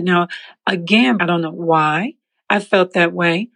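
Woman, gravelly voice, animated testimony, laughs while telling it, acts out scenes. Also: lowish voice, measured pace. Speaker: guest sharing a faith testimony. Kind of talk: animated storytelling.

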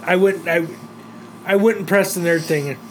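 A man with a notably high voice gives blunt, laid-back advice on a casual podcast. He swears easily and keeps things loose. Faint background noise sits under his voice. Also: measured pace, rough recording. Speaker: podcast co-host. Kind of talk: casual crude chat.

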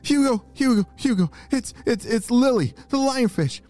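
A man's voice: very high-pitched, animated, moderate pace, faint music behind, voice pushed up. A man voicing an anxious young female lionfish, pleading and frantic.

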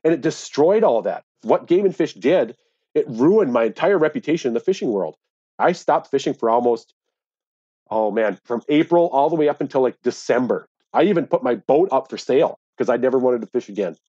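A man's voice: mid-range voice, animated, fairly quick, dark tone, no room sound, muffled recording. A man in an interview, earnestly recounting a dispute with officials and growing indignant. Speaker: interviewee, angler. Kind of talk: conversational storytelling.

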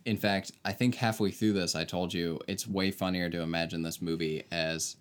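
A man co-hosting a casual movie chat with dry, deadpan wit. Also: deep voice, moderate pace. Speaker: podcast co-host reviewing a movie.

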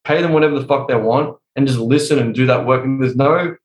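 A man telling stories in a profane, animated way during a casual podcast conversation, as a guest coach. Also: mid-range voice, quick pace. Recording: roomy echo.

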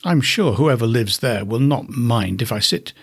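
A man reading a storybook and voicing Goldilocks, a curious little girl, in a raised, breathy voice. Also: mid-range voice, lively intonation, normal speed, dry recording, clean studio sound.

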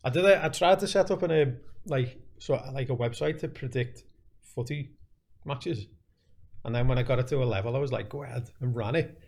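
A man's voice: medium pitch, brisk, darkish tone. Laughing young man telling rambling stories. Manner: laughs a lot, rambling storyteller. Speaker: podcast host. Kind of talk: casual chat.

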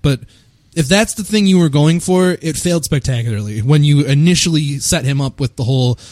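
A man co-hosting a casual film discussion, animated and swearing freely. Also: a little high, a little fast, dry recording. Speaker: podcast co-host.

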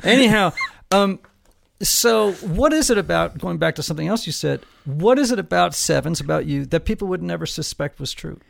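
A male host with a slightly higher voice and a heavy gravelly rasp, chatting casually. He jokes and teases between his questions. The talk stays loose and friendly. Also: expressive, moderate pace. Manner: joking, teasing questions. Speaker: podcast host. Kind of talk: casual conversational interview.

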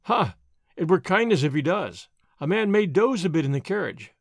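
A man's voice: high-pitched, animated, moderate pace, no room sound, clean studio sound. A man reading the part of a lazy, ironic young nobleman in an audiobook, drawling and mildly mocking. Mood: languid.

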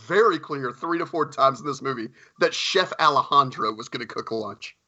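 A man co-hosting a casual podcast, sarcastic and quick with profane jokes. His voice is very bright and swings widely in pitch. It comes through a slightly dull, lo-fi mic. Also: animated. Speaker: podcast co-host.

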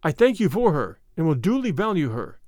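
A man's voice: on the high side, very animated, brisk, a little mellow, no room sound, studio quality. A man voicing a grave, earnest father who fled his homeland, in a story reading. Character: grave male father, fugitive exile.

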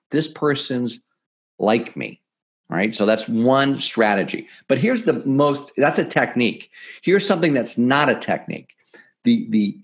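Energetic man coaching on sales. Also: mid-range voice. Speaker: sales expert guest. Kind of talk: podcast interview, teaching sales tips.

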